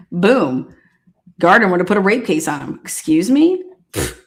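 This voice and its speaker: A woman with a fairly low voice, hosting a casual live stream. She talks to her viewers in a chatty, sassy and blunt way, swearing freely as she goes. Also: very animated, a little fast. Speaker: livestream host.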